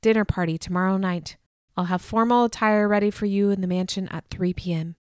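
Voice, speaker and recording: A woman reading a note from a smug young male gang leader in a curt, lowered, commanding tone. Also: steady tone, a little fast, smooth, no echo, clean studio sound, close to an everyday voice.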